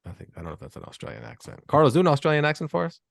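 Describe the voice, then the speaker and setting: A man's voice: fairly high pitch, sing-song, very fast, gravelly, no room sound, studio quality. A man hosting a casual, joking podcast chat who laughs easily. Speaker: podcast host.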